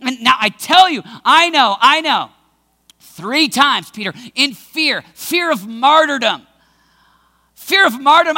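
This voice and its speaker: High bright-voiced man preaching. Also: lively intonation, slow pace, in a large hall. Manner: dramatic, acts out scenes, bursts into shouts. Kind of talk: sermon.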